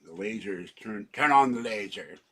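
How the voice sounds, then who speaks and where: His tone sharp and his pitch fairly low, a man in his seventies keeps a moderate pace through a chatty, meandering vlog monologue in his kitchen. He flits from topic to topic and flares up when indignant.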